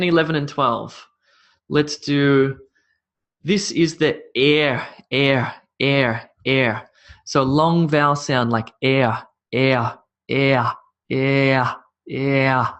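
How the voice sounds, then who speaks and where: A man's voice: mid-range voice, fairly bright tone. A man with an Australian accent teaching English pronunciation, repeating each word three times. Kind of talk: pronunciation drill lesson.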